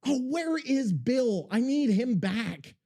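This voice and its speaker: A man hosting a podcast in casual chat, rambling, excitable and swearing freely. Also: very high voice, slow, creaky. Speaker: podcast host.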